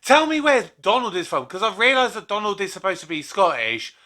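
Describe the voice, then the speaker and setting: A man's voice: high-pitched, big pitch swings, brisk, bright, forceful tone. A man hosting a reaction video, chatting casually and rambling a little as he comments on a sitcom. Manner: chatty, rambling, laughs along readily.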